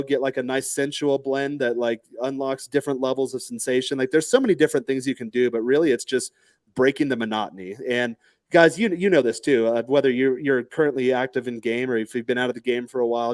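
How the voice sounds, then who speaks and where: A man's voice: medium pitch, darkish tone, no echo. A man hosting a casual podcast chat, rambling with many fillers and restarts. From United States.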